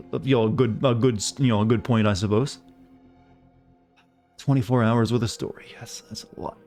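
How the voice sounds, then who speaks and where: A man's voice: medium pitch, a little mellow. Chatty male game streamer, faint music. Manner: rambling, chatty, greets viewers by name. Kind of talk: casual chat with live viewers.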